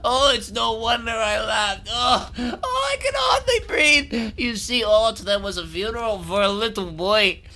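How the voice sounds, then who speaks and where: A man's voice: sits high, fairly even intonation, normal speed, few pauses, bright, forceful tone. An actor playing the wizard Merlin in a full cast audio drama, laughing helplessly and gasping through his words. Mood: manic laughter. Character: wizard Merlin, a man gripped by manic laughter at grim secrets.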